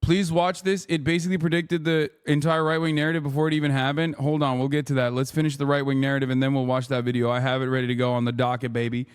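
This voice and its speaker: A man's voice: mid-range voice, level tone, fast, few pauses, smooth. A man hosting a livestream, ranting profanely at his chat while commenting on the news. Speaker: streamer host.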